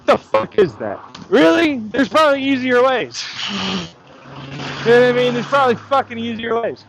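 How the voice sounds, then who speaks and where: A man's voice: extremely high pitch, animated, normal speed, vocal fry, lo-fi sound, background noise. A man vlogging outdoors on a hike, ranting in a sarcastic, profane, mocking way as if heckling an imagined crowd. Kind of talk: rambling outdoor vlog monologue.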